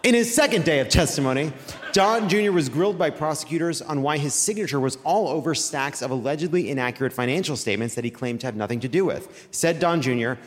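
A man hosting a comedy show, delivering a live monologue with mock-serious timing and sudden shouts. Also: on the high side, animated, quick pace. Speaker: comedy podcast host. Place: theater stage before a live audience. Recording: live hall recording with reverb and faint noise.

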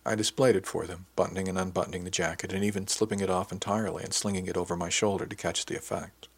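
A man narrating a first-person audiobook in a measured, descriptive manner. His voice is deep and husky. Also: fairly even intonation.

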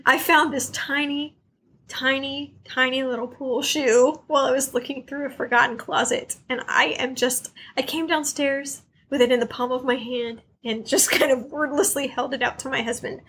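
A high-voiced, middle-aged woman chats casually as a podcast co-host, laughing often as she recaps. A faint hum of background noise sits under her voice. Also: fairly even intonation, moderate pace, few pauses, fairly bright tone.

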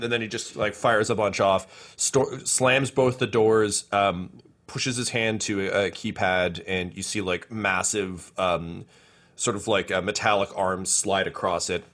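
A man runs a tabletop game, narrating in a loose, rambling way with lots of filler words. His voice is bright and forceful. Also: fairly low pitch, steady tone, unhurried. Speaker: game master.

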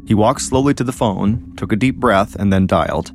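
Man, podcast host, scripted true-crime narration, measured and suspenseful, deeper voice. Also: soft background music.

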